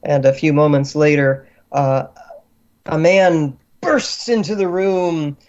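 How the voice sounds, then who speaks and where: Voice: medium pitch, slow, darkish tone. A game master narrating a tabletop game in loose, descriptive storytelling full of little fillers. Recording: muffled lo-fi recording.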